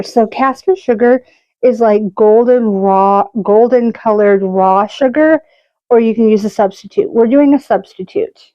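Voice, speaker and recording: A woman's voice: mid-range voice, a little mellow, smooth, no echo, muffled recording. A woman hosting a casual cooking video, chatty and joking at her own expense. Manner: chatty and self-mocking, jokes about her own accents. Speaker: cooking show host.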